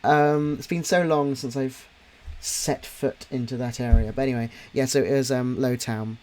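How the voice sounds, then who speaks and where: A man from near London, England, with a slight Cockney accent, co-hosts a live drawing stream and also writes for a podcast. He chats casually and rambles with lots of fillers and restarts, in a medium-pitched, slightly mellow voice with a steady tone at normal speed.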